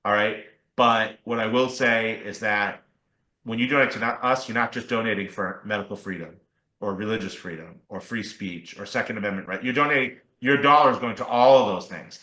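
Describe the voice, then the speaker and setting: An attorney man talks through a podcast interview and explains things earnestly, pausing to check in with his listener. His voice is bright and forceful. It rings in an echoing room. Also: on the low side. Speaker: attorney guest.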